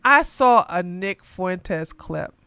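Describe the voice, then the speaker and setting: A woman hosting a casual livestream commentary, chatty and quick to laugh, with animated bursts. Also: on the low side, smooth, dry recording.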